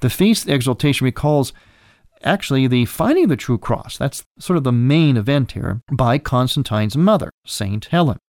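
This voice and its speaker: A man teaching about church feasts in a measured, explanatory way, often restarting a phrase as he works out his wording. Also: medium pitch, darkish tone, no echo, studio quality. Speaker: religious teacher. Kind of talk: explanatory religious lecture.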